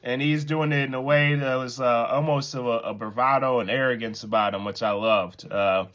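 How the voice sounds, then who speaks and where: A man casually commenting and telling a story to his viewers, animated and laughing at himself. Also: medium pitch, normal speed. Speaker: host commentator.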